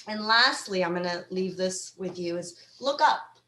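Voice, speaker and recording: A woman's voice: fairly low pitch, expressive, measured pace, pushed and bright. A woman leading a mindfulness talk over a video call from a room at home, coaching listeners through small everyday exercises in a conversational way. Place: home room with a blue wall. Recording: roomy echo from a home room.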